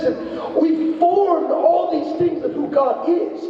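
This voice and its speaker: A young man giving an evangelistic talk to a high school club, telling stories and acting out the voices in them. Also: slow, some chatter behind. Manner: animated storytelling with acted-out quotes. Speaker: youth speaker. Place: large high school room with a crowd of students. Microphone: distant from the recording device. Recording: echoey hall from far off, dull sound.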